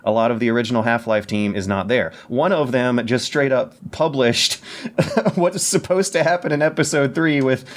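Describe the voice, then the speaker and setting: A man co-hosting a casual podcast, who talks quickly and keen, stammers and corrects himself as he goes. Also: mid-range voice. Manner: fast, stammering, self-correcting enthusiasm. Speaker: podcast co-host.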